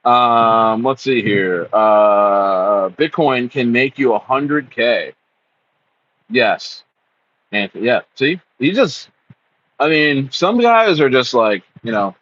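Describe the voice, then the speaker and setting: A man's voice: mid-range voice, very animated, slow, pauses often, fairly bright tone, no room sound, lo-fi sound. A man hosting a casual crypto livestream, reading chat comments aloud in a rambling way with many stammered restarts. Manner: rambling, stammering restarts, acts out voices in quotes.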